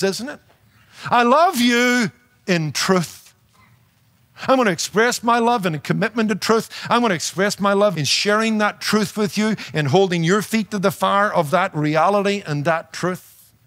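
A man's voice: sits high, a bit bright. A middle-aged man with an Irish accent preaching a sermon in a conversational way, with rhetorical questions and light humor. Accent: Northern Irish. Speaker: pastor.

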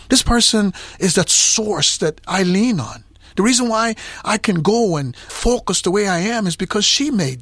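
A man with a high, gravelly, husky voice preaching a sermon. His pitch swings widely as he tells a story and plays out both sides of a conversation. The sound is dry and close. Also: fairly bright tone, no room sound. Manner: storytelling, acts out dialogue, builds to impassioned climax.

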